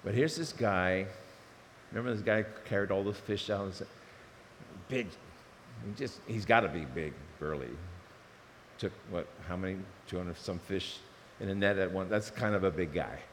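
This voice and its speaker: A man preaching a sermon, animated and emotional, swinging between loud fervor and hushed asides. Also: low voice, moderate pace, long pauses. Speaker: pastor. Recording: reverberant hall with faint noise.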